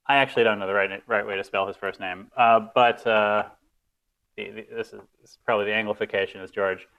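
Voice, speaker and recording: Male lecturer, smooth clear voice, rambly, lots of uhs, self-deprecating. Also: on the low side, fairly even intonation, fairly quick, dull audio. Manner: chatty, self-deprecating, many fillers. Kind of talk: live university lecture. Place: lecture hall stage.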